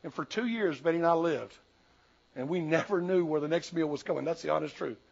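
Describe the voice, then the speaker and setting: An older man preaching a sermon as pastor, telling folksy stories and swinging from loud urging to soft, confiding asides. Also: a little high, fairly quick, gravelly, muffled recording.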